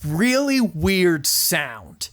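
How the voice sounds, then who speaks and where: A man co-hosting a podcast, telling a long rambling story and acting out what others said, now and then shouting a quote. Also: sits high, big pitch swings, drawn-out words. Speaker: podcast co-host. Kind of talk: casual chat about music.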